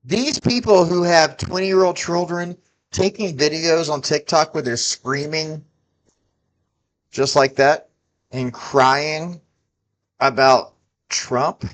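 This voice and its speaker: A man's voice: on the high side, slow pace, long pauses, fairly bright tone. A man in his forties ranting about politics, heated and profane, scolding his listeners. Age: 40s. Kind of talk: angry political rant to camera.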